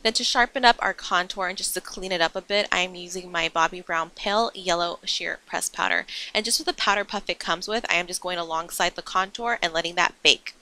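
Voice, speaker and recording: A woman's voice: fairly low pitch, brisk, few pauses, pushed and bright. A young woman talking through a makeup tutorial in a chatty, enthusiastic voice-over, explaining each step as she goes. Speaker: beauty vlogger.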